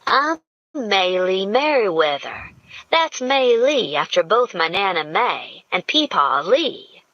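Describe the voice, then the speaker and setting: A woman voicing a dreamy, odd young assistant with a husky Southern drawl, in an audiobook reading. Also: mid-range voice, very animated, takes it slowly, dry recording, muffled recording. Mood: chirpy.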